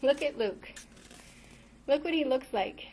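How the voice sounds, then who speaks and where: Playful female kids' yoga teacher, high voice, mic set back in a roomy space. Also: slow, recorded from a distance, slight background noise. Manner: animated, playful, addresses children as friends. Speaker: children's yoga instructor. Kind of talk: storybook reading with guided kids' yoga. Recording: echoey room, voice off-mic.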